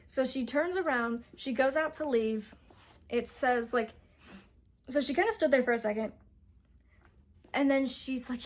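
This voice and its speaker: A young woman casually recapping a book's plot. She rambles excitedly, filling her talk with "like" and cutting herself off. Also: fairly high pitch, a little slow, pauses often. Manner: rambling, fills speech with "like"; self-interrupting, excitable. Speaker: book reviewer.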